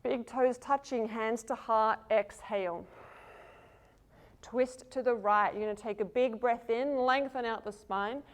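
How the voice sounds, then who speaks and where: A woman leads a yoga flow, calling poses and breaths in a measured, slow cadence. Her voice sits slightly high, and she is breathing heavily as she moves through the poses with the class. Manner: calm cueing of poses and breath. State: breathing heavily while moving. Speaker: yoga teacher.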